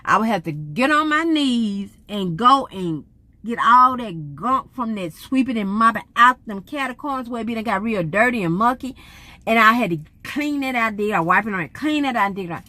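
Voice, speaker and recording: A woman's voice: fairly high pitch, bright, forceful tone, no room sound. A middle-aged woman, giving an emphatic, preacherly faith testimony to her vlog audience. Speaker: vlogger.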